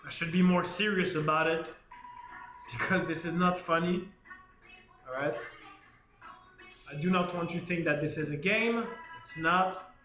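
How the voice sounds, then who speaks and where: Bright-voiced man hosting a live trading stream. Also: on the high side, unhurried, long pauses. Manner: energetic, repeats "guys", laughs often. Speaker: livestream trading host. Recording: echoey room with faint music.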